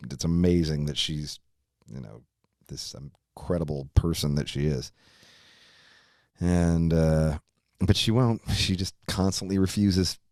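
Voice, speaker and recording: Low-voiced man telling a rambling, profane story. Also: a little mellow, dry recording, studio quality. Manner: rambling, profane, laughs often. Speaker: podcast host. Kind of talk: casual storytelling chat.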